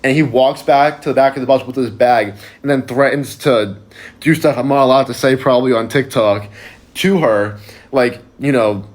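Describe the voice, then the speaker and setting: Speaking at a normal speed in a mid-range voice, a young man casually shares a personal story for a social video. He rambles and fills his lines with "like."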